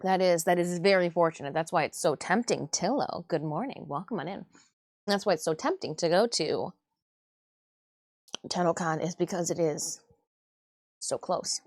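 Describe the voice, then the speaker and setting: A woman's voice: on the low side, moderate pace, pauses often, no room sound, clean studio sound. A woman hosting a casual live stream, rambling and chatty as she sorts craft supplies, with self-mocking asides. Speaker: livestream host.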